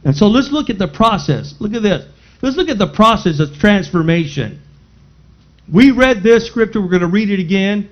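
A man preaching a sermon with dramatic swings, rising to shouts at times. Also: high-pitched, animated, normal speed, lo-fi sound. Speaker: pastor.

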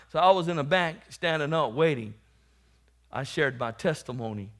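A man preaching, telling his own testimony and rising from quiet storytelling to loud calls to the congregation. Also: a little high, animated, moderate pace. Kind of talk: testimony sermon.

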